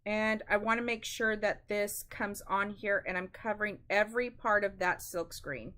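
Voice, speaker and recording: A woman's voice: medium pitch, sharp tone. A woman hosting a live-stream craft demonstration, chatty and instructive, often calling her viewers "guys.".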